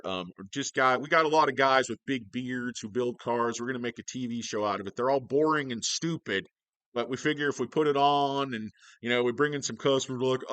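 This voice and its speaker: A man's voice: medium pitch, pushed and bright, clear, resonant tone, dry recording. A man hosting a casual stock livestream from his home office, rambling and joking sarcastically with many fillers.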